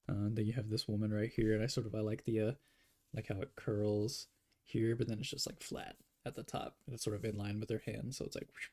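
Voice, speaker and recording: Gravelly young man chatting while drawing. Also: fairly low pitch, a little mellow. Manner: rambling, self-deprecating, with frequent fillers. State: yawning, tired. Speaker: art streamer. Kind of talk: casual drawing livestream chat.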